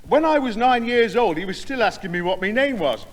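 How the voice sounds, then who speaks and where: An actor playing a loud, overfamiliar neighbour who laughs at his own jokes, in a vintage radio comedy. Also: high-pitched, expressive, fairly quick, long reverb tail, heavy background noise. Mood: jovial. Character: brash, joke-cracking middle-aged neighbour. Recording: old broadcast with studio audience laughter.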